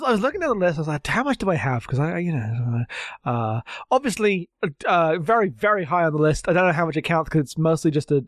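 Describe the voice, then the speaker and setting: A man co-hosting a casual podcast, talking in halting bursts full of restarts and fillers. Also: fairly high pitch, no echo, studio quality. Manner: halting, many restarts and fillers, self-deprecating. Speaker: podcast co-host.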